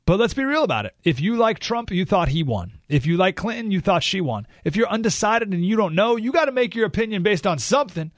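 A man's voice: high voice, big pitch swings, fast talker, hardly any pauses, dry recording. A man hosting a radio talk show, giving an emphatic, opinionated monologue full of rhetorical questions, recorded in a studio.

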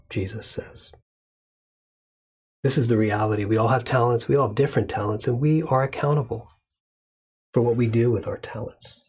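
Husky-voiced man preaching a measured sermon. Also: medium pitch, a little mellow. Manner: measured preaching, slows and stresses key words. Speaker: pastor.

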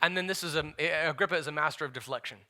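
With a fairly high pitch and rapid-fire pace, this man preaches emphatically as a pastor, moving back and forth between loud proclamations and hushed remarks.

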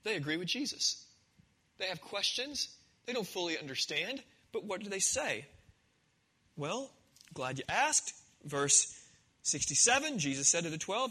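Pastor type, high and very bright voice, relaxed storytelling delivery. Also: male voice, measured pace, long pauses, breathy edge, rough recording. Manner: conversational storytelling, acting out the scenes. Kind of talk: sermon.

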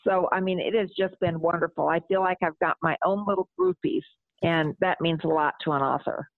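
A woman's voice: fairly low pitch, brisk, vocal fry, no echo. A middle-aged woman author answering interview questions and reading aloud from her novel, speaking earnestly. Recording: tinny phone line.

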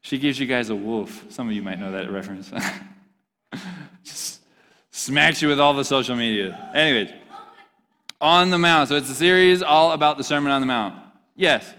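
A man's voice: medium pitch, normal speed, long pauses, pushed and bright, long reverb tail. A man giving an interactive, joking sermon to a youth group, quizzing the audience as he reads scripture. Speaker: youth pastor.

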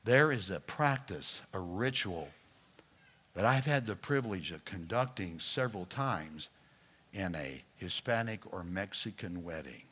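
A man's voice: sits low, expressive, unhurried, a bit bright, breathy edge. A male pastor preaching a sermon, addressing the congregation directly in a playful coaching manner.

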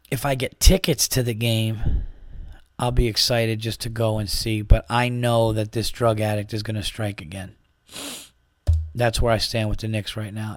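A man's voice: medium pitch, no room sound. A man hosting a comedy podcast, ranting with exasperation and acting out the people in his stories. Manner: exasperated, rambling, acts out quoted voices. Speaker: podcast host. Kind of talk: comedic rant.

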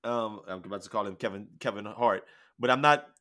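A man's voice: lowish voice, fairly quick, sharp tone. A man co-hosting a podcast, chatting and joking in a laid-back way. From Shreveport, Louisiana. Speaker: podcast co-host. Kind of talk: casual chat.

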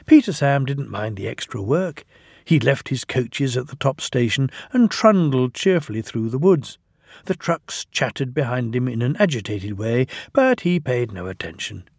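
A middle-aged man reading a children's storybook aloud, slow and animated, recorded close to the mic in a studio. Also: medium pitch, creaky, no echo. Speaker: audiobook narrator.

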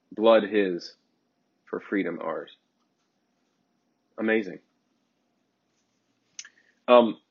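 A man's voice: on the low side, a little mellow, breathy edge. A male preacher giving an emphatic sermon, repeating phrases for emphasis with frequent ums along the way. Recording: dull lo-fi sermon recording.

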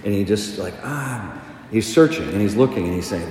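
A middle-aged male pastor delivers a conversational sermon, firing questions and asides at his congregation. His pitch rises and falls in lively swings. The voice rings through a roomy church with a long echo and a faint hum behind it. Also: normal speed. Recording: echoey church, long reverb, faint ambience.

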